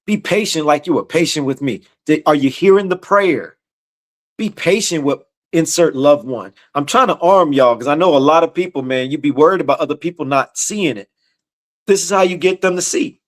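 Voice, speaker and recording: A man's voice: on the high side, lively intonation, moderate pace. Laid-back man teaching a Bible study. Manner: laid-back, conversational, with frequent restarts and repeated phrases.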